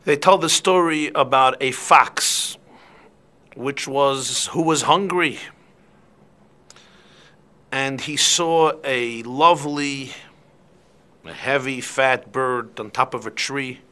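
A man, a rabbi, giving an evening class and telling stories in an animated way. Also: mid-range voice, slow, pauses often. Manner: animated storyteller. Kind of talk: lecture with storytelling.

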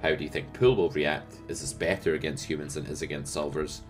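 A man teaching poker strategy, explaining in a lively way and asking the viewer rhetorical questions. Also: extremely low pitch, fast, over music. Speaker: poker coach.

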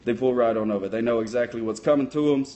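A man's voice: mid-range voice, quick pace, mellow, close to an everyday voice. A man voicing a dopey, boastful sock-puppet cop who rambles in a comic question-and-answer. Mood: rambling. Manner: rambling, dim-witted bravado.

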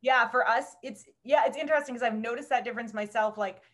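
A woman hosting a casual conversation, telling stories in an animated way with lots of fillers and little laughs. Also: fairly high pitch, fast. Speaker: host.

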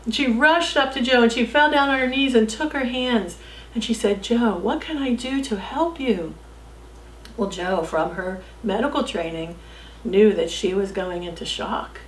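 A fairly high-voiced woman narrates a children's story with lively, dramatic shifts, swinging from loud calls down to soft whispers. The room around her is echoey. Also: normal speed, a little hiss or hum.

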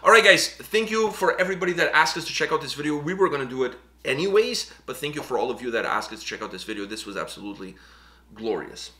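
Animated man chatting in an echoey room. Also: a little high, fast. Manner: animated, repeats and restarts phrases. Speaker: reaction channel co-host. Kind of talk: casual reaction chat.

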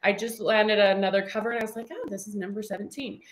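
A woman's voice: mid-range voice, quick pace, low-quality recording. A woman in her thirties, a guest in a casual interview, telling stories with energy and acting out what people said. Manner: animated storyteller who acts out quoted dialogue.

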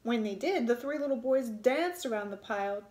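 A woman reading a storybook aloud in an expressive way, relishing the sound words. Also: on the high side, moderate pace, roomy sound.

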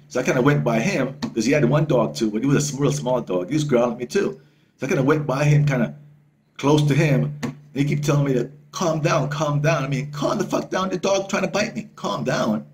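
A male travel vlogger telling a story to camera in a casual, excitable way, swearing freely and repeating himself. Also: medium pitch, a little hiss or hum.

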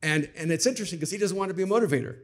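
A middle-aged man, a podcast guest, tells stories in a lively, conversational way and slips into the voices of the people he quotes. His voice sits fairly high for a man. He was recorded at a live taping. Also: rapid-fire. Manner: animated anecdotes, acts out quoted voices. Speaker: author guest. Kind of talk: conversational storytelling.

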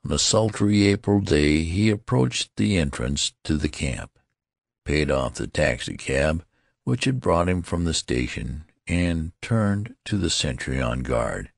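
A man reading an audiobook aloud in a lively, expressive way. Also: a bass voice, unhurried, vocal fry, no echo, clean studio sound. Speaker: audiobook narrator. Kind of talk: scripted audiobook narration.

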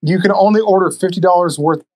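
A man's voice: high-pitched, fast talker, a little mellow, no echo, low-quality recording. A man telling stories as a podcast guest in a casual, rambling way, swearing freely, into a cheap microphone. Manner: profane, rambling, laid-back delivery. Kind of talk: casual storytelling. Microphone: cheap USB microphone.

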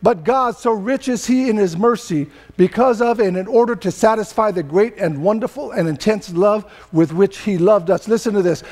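Older california preacher guy, really high voice, chatty sermon that gets loud and shouty. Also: normal speed, few pauses. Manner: loose, conversational preaching that swells into emphatic shouting. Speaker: pastor.

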